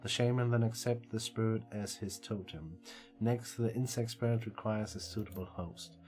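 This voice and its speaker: A man voicing a sly, lecturing male elf mage, reading the lines slowly in a plain low voice. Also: steady tone, darkish tone, faint music behind, natural voice.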